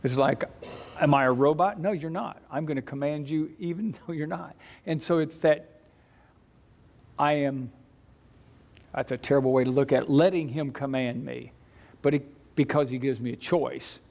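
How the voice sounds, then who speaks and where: A man teaching a church Bible class in a conversational way, with halting restarts and light chuckles. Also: mid-range voice, vocal fry, a little mellow.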